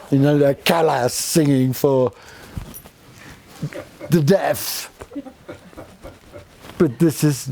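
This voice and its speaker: An older man giving a spiritual talk to a retreat group, expressive and effusive, teasing his listeners fondly. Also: medium pitch, slight background noise. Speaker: spiritual teacher.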